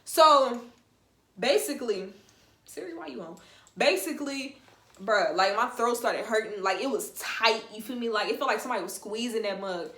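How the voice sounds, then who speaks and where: A young woman telling a story on her vlog in a slangy, animated, emphatic way. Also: fairly high pitch, moderate pace. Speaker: vlogger. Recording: roomy echo.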